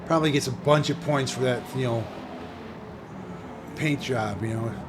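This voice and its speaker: A man's voice: mid-range voice, moderate pace. A man hosting a gaming channel, chatting casually and rambling with self-interruptions while he plays. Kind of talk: casual let's-play commentary. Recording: game audio and engine noise underneath. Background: race car engine sounds.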